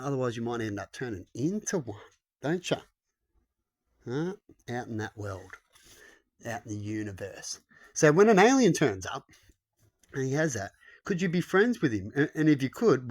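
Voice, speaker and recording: Brief: a man in a mid-pitched voice, musing to camera, rhetorical and rambling. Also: a bit bright. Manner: rhetorical, keeps asking "right?". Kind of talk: casual musing monologue.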